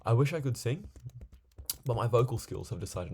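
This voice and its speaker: A man's voice: mid-range voice, animated, moderate pace, darkish tone, husky. A young man chatting to himself while playing a video game, rambling casually from one thing to the next. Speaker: gaming video creator. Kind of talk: casual gameplay commentary.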